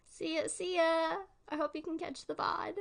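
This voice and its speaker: A woman's voice: extremely high pitch, flat delivery, normal speed, vocal fry. A young woman streaming live, chatting casually and rambling, laughing often between thoughts. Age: young adult.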